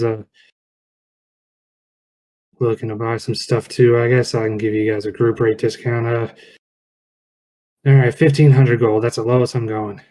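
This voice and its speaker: A man's voice: mid-range voice, warm tone, close to an everyday voice, low-quality recording. A man doing a cagey, hemming shopkeeper. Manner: hesitant, hemming and hawing.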